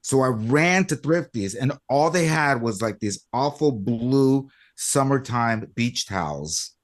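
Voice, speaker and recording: A middle-aged man tells a story from his studio days. His voice sits at a middling pitch, and he acts out the voices of the people in the story. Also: takes it slowly. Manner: animated, acts out quoted voices. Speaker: audio engineer guest. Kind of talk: storytelling anecdote.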